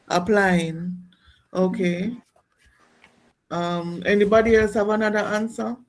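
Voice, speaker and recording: A woman's voice: medium pitch, steady tone, takes it slowly. A woman teaching a nursing class in a classroom, explaining step by step with restarts and calling on students. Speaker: nursing instructor. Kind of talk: classroom lecture on exam questions.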